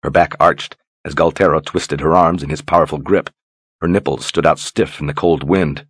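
A man narrating a fantasy audiobook in a measured, dramatic way. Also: a bass voice, fairly even intonation, slightly rough, no room sound. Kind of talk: scripted narration.

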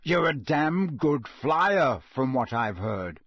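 A man voicing a gruff, blunt old male wizard in an audiobook reading, growling his lines in a husky voice. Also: mid-range voice, big pitch swings, takes it slowly, fairly bright tone, dry recording, studio quality, exaggerated voice.

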